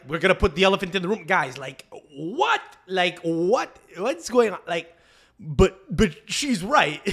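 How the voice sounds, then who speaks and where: Male podcast host, high gravelly voice, swooping delivery, profane and mocking. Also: fairly bright tone. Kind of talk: casual commentary reacting to clips.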